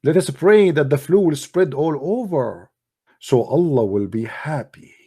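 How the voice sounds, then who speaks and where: Mocking man with a raised pitch. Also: expressive, measured pace, warm tone, breathy edge. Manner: mocking and sarcastic, with broken grammar. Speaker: religious debate commentator. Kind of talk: polemical monologue.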